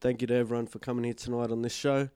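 A man's voice: medium pitch, level tone, rapid-fire, mellow. A man hosting a casual radio show, crude and teasing, swearing often.

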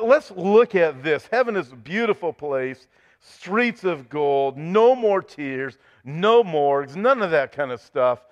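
A man preaching a sermon as pastor, joking with the congregation and reading scripture aloud with rising intensity. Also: mid-range voice. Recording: dull sound with long hall reverb.

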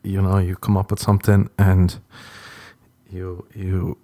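A man's voice: low voice, monotone, unhurried, warm tone, no echo. A man with an Irish accent telling a rambling, profane comic story in a wry, meandering way.

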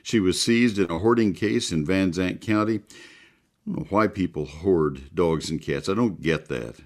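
This is a man hosting a call-in gardening show on the radio. He, a notably low voice and an easygoing, folksy delivery with fillers. He chats his way through listings and sponsor reads. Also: normal speed, darkish tone. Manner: folksy, chatty, with frequent filler ums. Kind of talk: live call-in radio talk with read ads.

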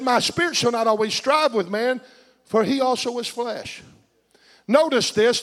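A man preaching a sermon, swinging from shouted appeals to hushed, tender passages. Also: high-pitched.

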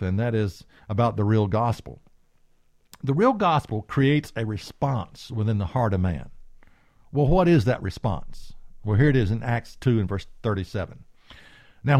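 A man's voice: mid-range voice, darkish tone, no room sound. A man preaching an earnest, emphatic sermon and reading scripture aloud.

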